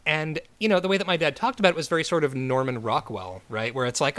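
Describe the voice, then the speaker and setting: A man's voice: a little high, fast. A man casually recapping a TV episode as a podcast co-host, swearing and acting out the characters he quotes. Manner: animated, swears, many fillers, acts out quoted characters.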